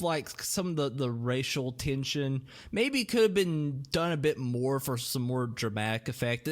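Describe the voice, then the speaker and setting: A man's voice: mid-range voice, fairly bright tone. A man co-hosting a movie review podcast, joking around and rambling until he loses his train of thought. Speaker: podcast co-host. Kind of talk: casual movie review chat.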